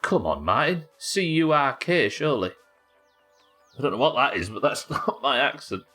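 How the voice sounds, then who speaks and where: A man's voice: medium pitch, big pitch swings, moderate pace, pushed and bright, husky, faint music behind. A young man from the UK doing chatty, sweary live commentary as he plays, talking to his chat. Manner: chatty, sweary, talks to chat while working. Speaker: streamer.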